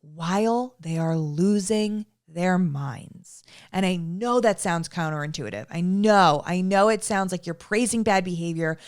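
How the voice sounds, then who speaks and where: A woman's voice: fairly low pitch, measured pace. A young adult woman who trains dogs, giving an emphatic instructional talk and checking in often with "okay?". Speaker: dog trainer.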